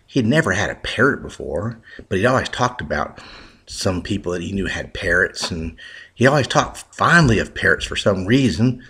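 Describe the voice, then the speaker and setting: A man tells a folksy joke, meandering and restarting his sentences. His voice is low and husky. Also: animated, moderate pace, bright, forceful tone. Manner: rambling with restarts. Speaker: joke teller.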